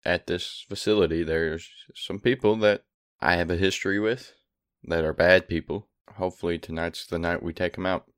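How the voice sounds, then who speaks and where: A man playing his character at a tabletop game, speaking in a halting, hesitant way. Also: low-pitched, fairly even intonation, no echo, studio quality. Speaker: player.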